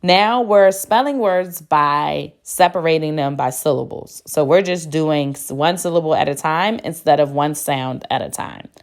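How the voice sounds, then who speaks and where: A woman teacher giving a phonics spelling lesson, speaking slowly and deliberately and spelling words out letter by letter. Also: low-pitched. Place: classroom.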